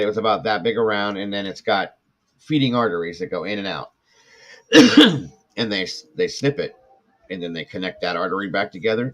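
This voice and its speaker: In a muffled recording, an older podcast host with a lowish voice rambles through an extended personal anecdote during casual conversation. He performs the quoted speech of others as he goes.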